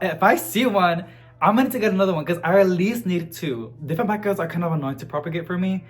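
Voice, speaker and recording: A man vlogging about houseplants in a chatty, animated way, full of casual fillers. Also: high voice, fast talker, faint music behind. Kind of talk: casual chat to camera.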